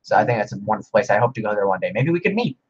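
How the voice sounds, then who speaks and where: A man hosting a casual livestream Q&A, rambling excitedly as he reads viewer comments aloud. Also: lowish voice, racing, dull audio. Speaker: livestream host.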